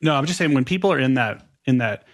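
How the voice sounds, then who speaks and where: A man's voice: mid-range voice, lively intonation, quick pace. A man co-hosting a podcast, thoughtfully building a point in casual conversation. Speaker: podcast co-host.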